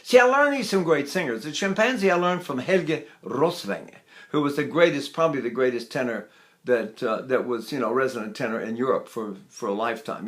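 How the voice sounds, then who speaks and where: An older man giving a singing lesson, explaining technique in a folksy, demonstrative way and breaking into sung vowels to show his points. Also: mid-range voice. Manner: folksy, demonstrative, sings sample vowels and laughs between points. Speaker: voice teacher.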